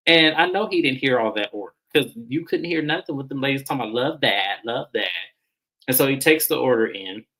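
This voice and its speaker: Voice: medium pitch, expressive, fast, hardly any pauses, bright, forceful tone, poor audio. A vlogger giving a casual, slangy recap of a reality TV episode, acting out what the cast said. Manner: chatty, acts out quoted lines in shifting voices; slangy, informal phrasing. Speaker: recap reviewer.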